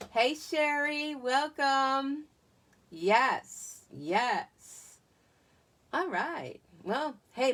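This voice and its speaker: An American woman with a Southern accent runs a crafting livestream from home, talking into a tablet. Her voice is a little high and a bit bright as she chats casually and greets viewers by name.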